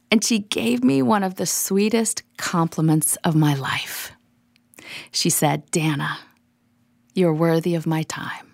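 A middle-aged woman teaching the Bible in a studio, earnest and expressive, sometimes dropping to a whisper for emphasis. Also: medium pitch, gravelly, dry recording.

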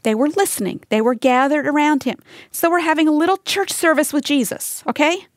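A woman's voice: high voice, fairly quick, no room sound, clean studio sound. Earnest woman teaching the Bible. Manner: earnest, talks straight to listeners with rhetorical questions. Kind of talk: conversational Bible teaching to a women's audience. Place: live teaching session with women listening.

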